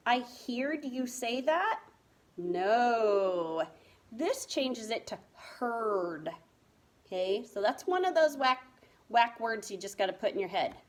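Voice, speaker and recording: A woman teaching a reading lesson to first graders, spelling words letter by letter in a patient, encouraging way. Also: medium pitch. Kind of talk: remote reading lesson for young children.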